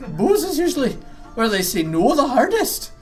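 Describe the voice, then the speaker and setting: A bubbly, stammering male dwarf official tumbles through formalities and thanks, as a woman game master puts him on. The voice is pushed up high and lively. He fills his talk with "uh," "aye" and "lass.". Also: normal speed, faint music behind. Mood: overjoyed.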